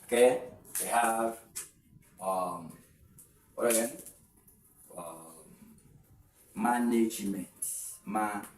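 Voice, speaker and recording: A man's voice: on the low side, drawn-out words, pauses often, darkish tone, distant mic, slight background noise. A man teaching an exam-prep lesson, explaining step by step and counting syllables aloud with fillers and restarts. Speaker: English tutor. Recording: echoey room, voice a little off-mic.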